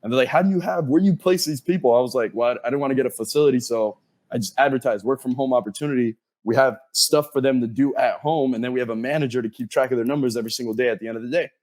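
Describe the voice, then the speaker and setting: A man's voice: mid-range voice, rapid-fire. A man, a podcast guest, telling his career story with energy and acting out what other people said to him. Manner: animated storyteller who acts out quoted dialogue.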